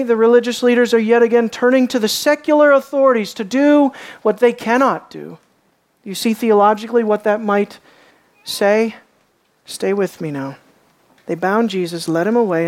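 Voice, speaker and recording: A woman preacher giving an earnest expository sermon, often asking her listeners rhetorical questions and swinging between raised and hushed emphasis. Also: on the high side.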